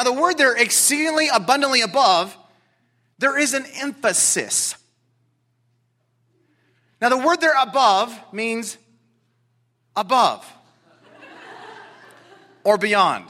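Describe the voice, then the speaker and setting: A man preaching an expository sermon to a seated congregation in a church, emphatic and excitable, swinging between loud declarations and hushed asides. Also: extremely high pitch.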